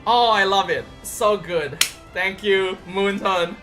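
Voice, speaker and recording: A game streamer reviewing patch notes live, chatty and excitable, breaking into loud exclamations. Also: medium pitch, normal speed, soft background music.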